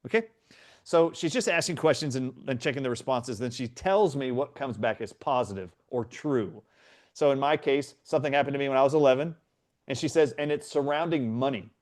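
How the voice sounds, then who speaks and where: A man's voice: mid-range voice, a little fast. A middle-aged man, a guest in a conversation, earnestly retelling a personal story and acting out what others said. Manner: earnest, animated retelling with quoted voices.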